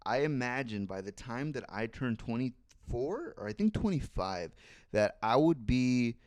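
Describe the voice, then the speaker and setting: A man's voice: medium pitch, expressive, a little slow, darkish tone, no room sound, studio quality. A young man in his twenties hosting a solo podcast, thinking aloud in a rambling way and swearing freely into a microphone. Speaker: podcast host. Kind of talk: casual solo podcast monologue. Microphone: studio microphone.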